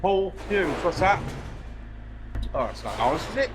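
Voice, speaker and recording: A man's voice: sits high, sing-song, a little slow. A man with a South London accent bantering breezily and cheekily at a scrapyard. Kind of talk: casual chat. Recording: noisy background.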